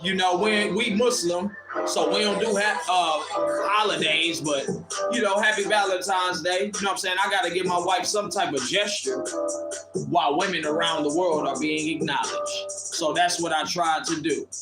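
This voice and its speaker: Man streaming a fiery, profane rant with a high voice, an echoey room and a beat under him. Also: normal speed, over loud music. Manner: fiery, preachy, profane and confrontational. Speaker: livestream commentator. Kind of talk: impassioned live rant. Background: instrumental beat playing.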